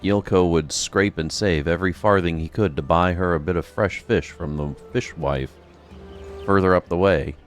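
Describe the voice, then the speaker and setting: A man's voice: low-pitched, moderate pace, faint music behind, natural voice. A man reading out a game's dialogue while voicing a chatty, dramatic townswoman who witnessed a crime. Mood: mournful. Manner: chatty, dramatic, pious exclamations. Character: gossipy upset townswoman, a witness. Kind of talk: reading game dialogue aloud.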